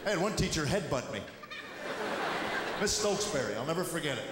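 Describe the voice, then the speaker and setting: Wry middle-aged comedian in an echoey hall. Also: male voice, a little high, big pitch swings. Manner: wry storytelling with quick voiced asides. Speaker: stand-up comedian. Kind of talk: stand-up routine. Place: large hall with live audience. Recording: echoey hall, audible room noise.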